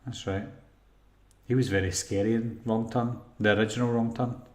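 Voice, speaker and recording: Scottish male live-stream host, casual and meandering, slightly low voice, echoey room. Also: level tone, moderate pace. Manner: rambling, thinks aloud while reading chat comments. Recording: roomy echo.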